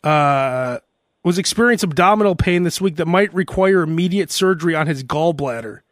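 A man hosting a podcast in casual chat, animated and jumping between topics. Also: on the high side, moderate pace, no room sound, clean studio sound. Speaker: podcast host.

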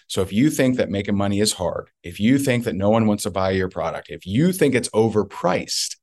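A man's voice: on the low side, expressive, fairly quick, a little mellow. A man being interviewed as a guest, telling a story emphatically and repeating points for effect. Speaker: guest, network marketer.

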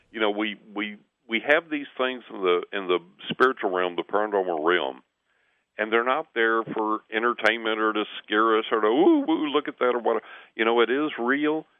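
A man with a very deep voice talks through an anecdote, animating the people in it. He comes through a thin, tinny phone line that sounds dry and close. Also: no room sound. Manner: animated storyteller, acts out quoted voices. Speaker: guest. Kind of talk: conversational storytelling.

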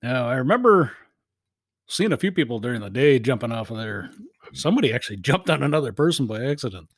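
Man, listener-reactor, husky, slow, dry close sound. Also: medium pitch, sing-song, no echo. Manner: short reactions and laughs. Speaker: podcast co-host. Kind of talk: casual chat, reacting.

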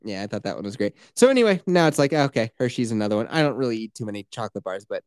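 A man's voice: mid-range voice, animated, very fast, darkish tone, clear, resonant tone, no room sound. A man co-hosting a casual podcast, cursing freely, talking sarcastically and acting out mocking voices. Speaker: podcast co-host.

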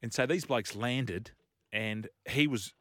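Animated man telling a story. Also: mid-range voice, takes it slowly, no room sound, studio quality. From Australia. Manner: animated storyteller, laughing often. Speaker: radio host. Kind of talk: casual chat. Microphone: studio microphone.

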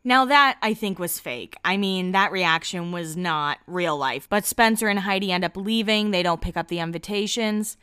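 A young woman talks through a reality show episode in a chatty, gossipy way, full of quick asides. Her voice is smooth and clear. The sound is dry and close. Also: on the low side, pushed and bright, no room sound, faint music behind. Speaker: reality TV recap host. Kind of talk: casual recap commentary.

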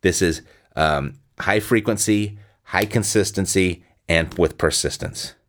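Man with a lowish voice, blunt and emphatic real estate coach hammering home his points. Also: measured pace, fairly bright tone. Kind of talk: instructional talk.

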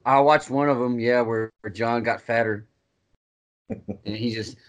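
A man co-hosting a podcast, telling stories in casual chat, laughing often, swearing freely and shouting out reenactments. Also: medium pitch, steady tone, a little slow. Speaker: podcast co-host.

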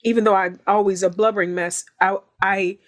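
A woman's voice: mid-range voice, fairly even intonation, fairly quick. A woman guest on a podcast talking in an earnest, heartfelt way, stressing her points by repeating phrases. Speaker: guest actress.

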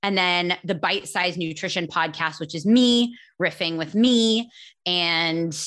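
A woman's voice: lowish voice, fairly bright tone. A woman podcaster talking about herself as a guest in a casual interview, chatty and self-deprecating, often laughing at herself. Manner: fast, restarts mid-sentence.

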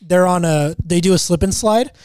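A man's voice: high-pitched, normal speed, a little mellow, smooth, dry recording, clean studio sound. A young man co-hosting a podcast, blunt and opinionated in casual chat. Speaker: podcast co-host.

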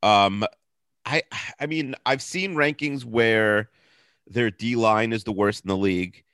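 Man, lowish voice, dry and opinionated, sports podcast co-host, dry close mic. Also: unhurried, fairly bright tone, smooth, no echo. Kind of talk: casual sports chat.

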